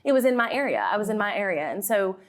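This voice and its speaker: A woman in her thirties with a thick Southern American accent, a guest in a casual podcast interview, talking in a chatty, animated way. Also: mid-range voice, fast. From Southern United States. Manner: chatty and animated, acts out her own past lines. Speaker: guest, YouTube creator and business owner.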